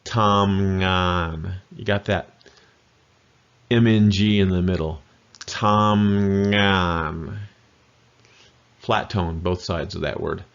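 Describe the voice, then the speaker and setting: A man teaching pronunciation in a video lesson, patiently repeating syllables slowly. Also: low voice, fairly even intonation. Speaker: language teacher. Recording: muffled lo-fi audio.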